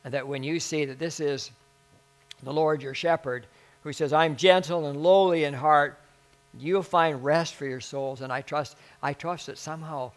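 A male pastor tells a story from the pulpit in a relaxed, conversational sermon style. He pokes fun at himself and slips into the voices of the people he describes. His voice sits a little high for a man. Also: normal speed. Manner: conversational, self-deprecating, acts out the people in his stories.

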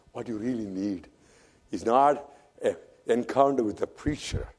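A man preaching a sermon, swinging from loud fervent cries to hushed near-whispers and repeating phrases for emphasis. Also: mid-range voice, husky.

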